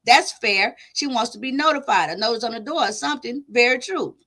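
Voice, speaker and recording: A woman's voice: on the high side, fairly quick, bright, forceful tone. A woman hosting a commentary channel, reading viewer comments aloud and giving her own take in a casual, conversational way. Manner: casual, talks things through with her viewers.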